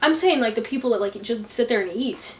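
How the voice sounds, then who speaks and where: Blunt young woman, higher voice. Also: brisk. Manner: blunt, swears freely, animated. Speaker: channel host. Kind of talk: casual chat.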